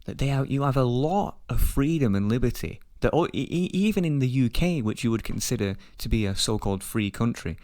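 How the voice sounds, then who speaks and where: A man hosting a podcast, talking in an animated, profane way full of restarts. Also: mid-range voice, fairly quick, few pauses, no echo, studio quality. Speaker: podcast host. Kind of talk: casual opinionated chat.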